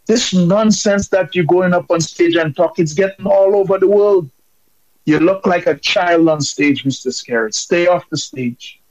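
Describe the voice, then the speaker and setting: A man's voice: high-pitched, a little slow, dry recording, low-quality recording. A man from Dominica calling in with impassioned, emphatic political commentary.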